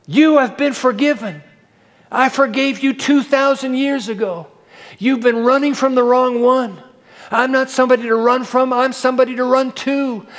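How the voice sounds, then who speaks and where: A man's voice: extremely high pitch, moderate pace, a bit bright, pitched above the performer's own voice. A male preacher voicing God as a forgiving figure calling people home, in impassioned, repeated short phrases, in an echoey hall. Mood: pleading, fervent.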